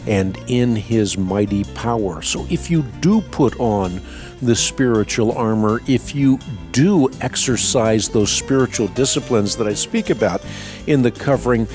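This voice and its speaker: Low-voiced radio host giving advice. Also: male voice. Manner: measured, earnest teaching delivery. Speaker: radio Bible answer host.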